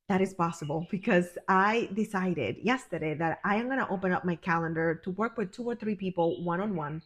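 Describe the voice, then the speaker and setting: A woman's voice: on the low side, fairly quick, few pauses. A woman who works as a healer and life coach, talking straight to the camera in an effusive, emphatic way and calling the viewer honey and my friend. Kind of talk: motivational direct-to-camera talk.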